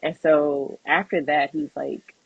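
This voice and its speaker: A young woman co-hosting a podcast, telling a personal story in a casual, animated way, acting out the voices of others and laughing often. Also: deep voice, slow, gravelly, slightly rough, no echo, narrow, tinny audio. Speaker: podcast co-host.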